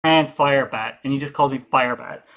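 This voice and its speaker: A man's voice: mid-range voice, fairly even intonation, brisk, creaky, fairly bright tone. A man streaming casually, mocking and sarcastic, swearing freely as he talks. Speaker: streamer being reacted to. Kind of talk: casual livestream reaction.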